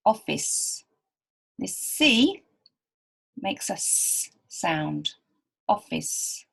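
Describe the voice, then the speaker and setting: Slow, patient woman teaching beginners. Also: lowish voice, vocal fry, husky. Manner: patient, stretches and repeats words. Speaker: literacy teacher.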